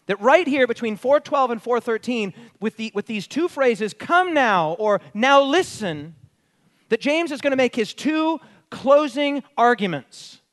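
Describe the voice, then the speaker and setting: Male preacher, high and lively, quoting with emphasis. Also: moderate pace, hardly any pauses. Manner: animated teaching with emphatic quotes. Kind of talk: expository sermon.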